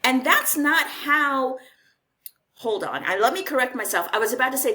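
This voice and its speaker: A woman's voice: sits high, lively intonation, moderate pace, pushed and bright. A woman therapist being interviewed, telling stories candidly and with animation. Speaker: therapist guest. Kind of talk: conversational interview.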